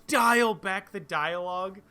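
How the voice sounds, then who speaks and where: A young man in a casual podcast chat, talking in an animated, exasperated way and swearing. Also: high-pitched, takes it slowly.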